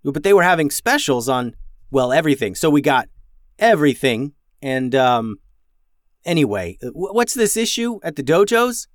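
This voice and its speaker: Male narrator as excitable scatterbrained young guy, raised pitch, hesitant. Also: normal speed, dry recording, clean studio sound. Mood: rambling. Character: scatterbrained young man with pet lion.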